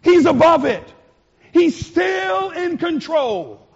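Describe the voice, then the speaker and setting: High-voiced, slow-preaching male pastor. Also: sing-song, creaky, lo-fi sound. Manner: impassioned, swings from quiet to shouting. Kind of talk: sermon.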